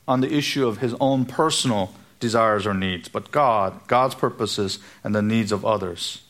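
A man preaching an expository sermon, walking through a Bible passage and acting out everyday speech in quoted asides. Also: fairly low pitch. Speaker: pastor.

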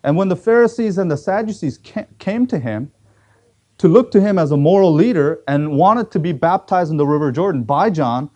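A man's voice: on the high side, lively intonation, brisk, dark tone. A man preaching a sermon, telling a story with acted quotes and emphatic repetition.

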